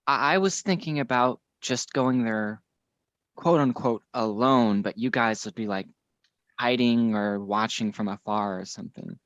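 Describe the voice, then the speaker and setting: A man playing a tabletop game, thinking out loud in a tentative, searching way. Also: on the low side, normal speed, no room sound, lo-fi sound. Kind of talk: casual chat at a game table.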